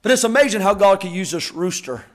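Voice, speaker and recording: A man preaching a sermon, shouting key words and stretching them out, then dropping to quiet, folksy asides with a laugh. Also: high voice, very animated, fast talker. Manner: drops to quiet folksy storytelling. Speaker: pastor.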